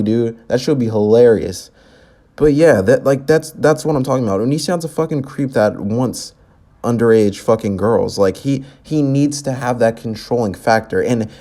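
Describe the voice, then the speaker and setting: A man's voice: medium pitch, dark tone. Swearing young man ranting in commentary. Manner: ranting, swearing constantly, mocking voices. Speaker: commentary YouTuber. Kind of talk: profane reaction commentary.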